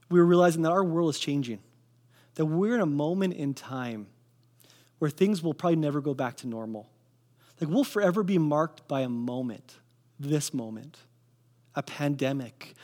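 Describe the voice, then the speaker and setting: A man's voice: fairly high pitch, moderate pace, pauses often, mellow. A young man from Canada giving a casual, earnest personal testimony in a sermon, telling his story with fillers.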